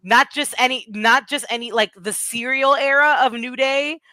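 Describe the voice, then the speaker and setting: A woman's voice: sits high, moderate pace, pushed and bright, no echo. A woman guest on a wrestling podcast, chatting casually and gushing in a rambling way about her favorite moments. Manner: gushing, rambling fan talk. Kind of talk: casual chat.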